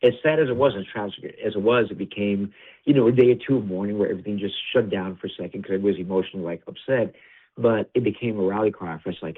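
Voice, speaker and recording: Man guest, low-ish husky voice, rapid talker, phone-quality audio. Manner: fast, animated storytelling with many restarts. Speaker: interview guest, wrestling producer. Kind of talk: casual interview talk.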